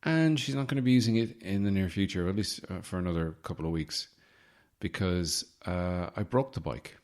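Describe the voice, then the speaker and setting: Deep-voiced man rambling on a podcast. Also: normal speed. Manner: rambling, deadpan joking asides. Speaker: podcast host. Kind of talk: casual solo podcast chat. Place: home in the city centre.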